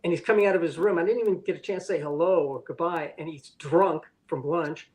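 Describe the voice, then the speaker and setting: On the high side and fairly quick, this older man's voice has a darkish tone, captured in a rough recording. He's an animation director being interviewed, sharing frank stories bluntly, swearing freely and performing other people's lines.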